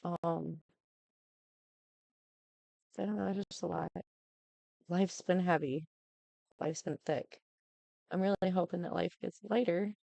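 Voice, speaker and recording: Woman YouTuber, tearful update, gravelly low-toned voice, halting. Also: warm tone, dry recording, rough recording. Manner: halting and subdued, with many ums. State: tearful, close to crying. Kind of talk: casual talk to camera.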